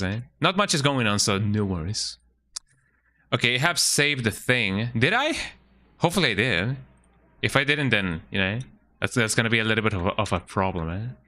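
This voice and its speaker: A man with a lowish, bright, forceful voice chats casually while streaming a game. He tends to finish sentences with "eh?" and mumbles to himself as he reads the setup steps aloud.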